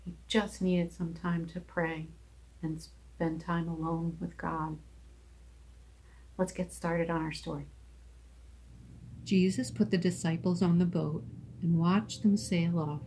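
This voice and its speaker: A woman teaching a children's Bible lesson at a church, telling the story in an animated voice and acting out the characters' lines. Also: slow pace, long pauses, a little hiss or hum. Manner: animated, acts out characters' lines with big pitch jumps.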